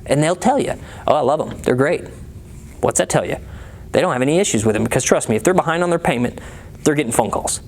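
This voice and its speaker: A man's voice: fairly high pitch, expressive, fast talker. Guy coaching car sales, blunt and swears a lot, voice jumps all over the place. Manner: blunt, profane, acts out both sides of sales dialogue. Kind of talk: casual coaching monologue.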